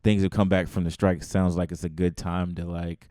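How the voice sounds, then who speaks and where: A man hosts a casual podcast interview in an easygoing way, with quick short replies. His voice is very deep and mellow, smooth and resonant. The sound is dry and close. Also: flat delivery, dry recording. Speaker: podcast host.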